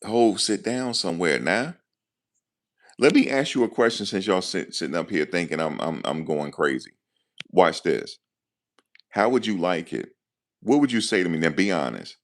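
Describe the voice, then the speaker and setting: He's a livestream host whose low, expressive voice moves at a normal speed. Loose and joking, he keeps up casual commentary and talks back to the live chat.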